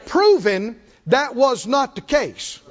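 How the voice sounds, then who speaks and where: Male preacher, high-pitched and animated, emphatic call-and-response, church hall reverb. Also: slow pace. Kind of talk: sermon. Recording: long hall reverb, dull lo-fi sound.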